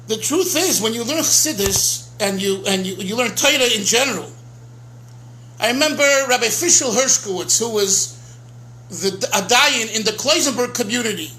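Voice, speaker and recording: A rabbi delivers an informal Torah lecture in a strikingly bright, ringing voice. He talks earnestly and emphatically, circling back on his phrases and sprinkling in Hebrew and Yiddish terms, his pitch sitting unusually high for a man. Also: animated, moderate pace, rough recording. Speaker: rabbi teaching a class.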